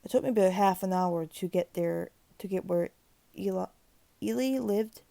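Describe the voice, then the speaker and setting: A woman reading a creepypasta aloud in a steady, grim narration with occasional restarts. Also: mid-range voice, moderate pace, gravelly, dry recording. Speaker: horror story narrator.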